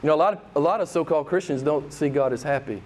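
A male pastor delivering a sermon in a high-pitched voice. He preaches with fervor, doubling back on phrases to drive them home. His delivery swings between loud, emphatic bursts and slow, quieter lines.

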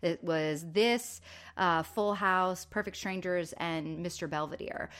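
A woman co-hosting a podcast, retelling a sitcom episode in casual chat and popping into high squeaky voices for quoted characters. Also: slow. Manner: animated storytelling with high-pitched acted-out quotes. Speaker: podcast co-host.

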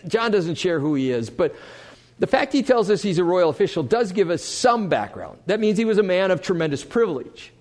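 A man preaching a sermon to a congregation, swinging between loud emphasis and quiet asides. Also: high-pitched, big pitch swings, a little fast. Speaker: pastor. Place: church sanctuary before a congregation.

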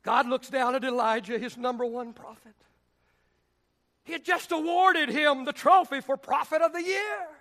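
A male pastor preaching a sermon with passion, often raising his voice to a shout. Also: extremely high pitch, moderate pace.

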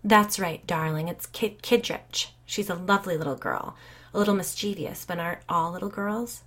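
This is a creepy older neighbor woman who coos and presses too hard, as a woman reader puts her on. The voice is low and husky under the sweetness. It is an audiobook character with a sing-song, cloying lilt. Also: normal speed, fairly bright tone. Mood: creepy sweet. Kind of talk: audiobook reading.

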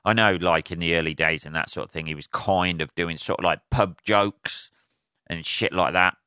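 Low-voiced rambling man. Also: moderate pace, bright, forceful tone, clear, resonant tone, no echo, clean studio sound. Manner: rambling, swears freely, full of fillers. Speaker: podcast host. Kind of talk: casual solo podcast monologue.

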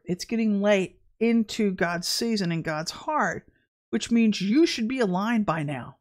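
A woman giving an informal prophetic message to her viewers, talking in an animated, emphatic way with sudden exclamations. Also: mid-range voice. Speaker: self-described prophetess.

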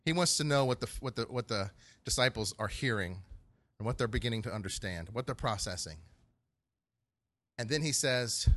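A man preaching a sermon in an animated way, often acting out quotes in playful voices. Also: medium pitch, a little fast. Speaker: pastor.

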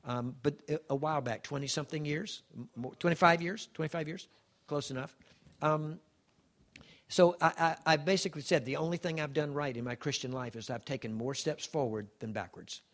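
A man in his seventies giving a heartfelt personal testimony, halting and emotional with many restarts and gentle self-deprecating humor. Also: on the high side. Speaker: speaker sharing a personal testimony.

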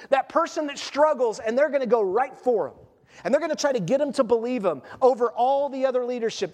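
A male pastor preaching a sermon in an animated, conversational way, firing off rhetorical questions and acting out the story. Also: very high voice. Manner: acts out story voices. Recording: long reverb in a church hall.

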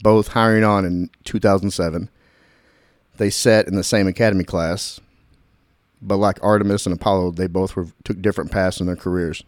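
Laughing low-voiced male podcast host. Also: steady tone, dry recording, studio quality. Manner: joking, laughing often, halting restarts. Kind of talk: casual podcast chat.

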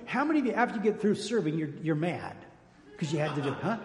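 A man's voice: fairly high pitch, big pitch swings, quick pace, a little hiss or hum. An older male pastor preaching a sermon in a folksy, joking way, calling out to his congregation. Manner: folksy, jokey preaching with call-outs to the congregation. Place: church sanctuary. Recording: echoey church hall.

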